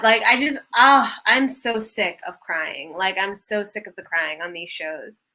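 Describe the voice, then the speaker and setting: A woman's voice: medium pitch, unhurried, hardly any pauses, pushed and bright. A woman co-hosting a casual recap chat, talking in a sarcastic, exasperated and teasing way. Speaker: podcast co-host.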